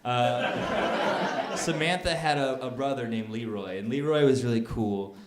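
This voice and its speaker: Heavy background noise surrounds a man performing stand-up on a comedy club stage, speaking a little slowly. His storytelling is animated, and he jumps to a high, excited pitch to act out scenes, with crowd laughter echoing through the room.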